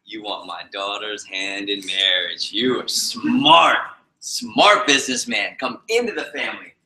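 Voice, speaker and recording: A pushy, wealthy old oil baron, put on by a man telling a story, coaxing in clipped broken phrases. His voice is bright and forward, and it rings around a reverberant room. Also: fairly low pitch, a little slow, pitched below the performer's own voice. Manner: broken clipped speech, wheedling. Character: rich older male oil mogul, pushy dealmaker.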